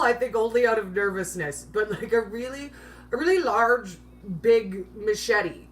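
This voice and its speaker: A woman's voice: a little high, a bit bright, distant mic, a little hiss or hum, low-quality recording. A woman vlogger telling a personal story in a chatty, self-mocking way with nervous giggles. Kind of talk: casual storytelling.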